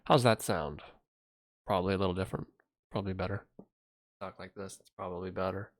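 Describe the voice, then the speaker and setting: A man's voice: deep voice, steady tone, brisk. A man chatting casually on his livestream, mumbling and thinking aloud as he fixes his audio at a desk microphone.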